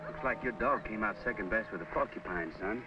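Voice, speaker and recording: An actor playing a friendly, good-humored country doctor with a Southern accent, speaking in an easygoing folksy drawl in 1950s TV western style. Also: male voice, fairly low pitch, brisk, lightly acted. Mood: calm. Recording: dull old TV soundtrack with music.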